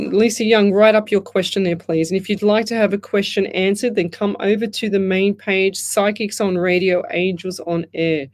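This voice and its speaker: Chatty woman hosting radio. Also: mid-range voice. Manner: chatty and rambling, warm greetings to callers. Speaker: radio show host and psychic medium. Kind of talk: live radio chat, reading out listener comments. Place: radio studio. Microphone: headset.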